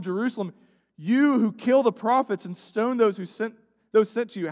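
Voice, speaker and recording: A male pastor preaching a sermon, swinging between loud emphatic lines and hushed, quiet passages. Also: sits high, animated, moderate pace. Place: church sanctuary. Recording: church sanctuary with long reverb.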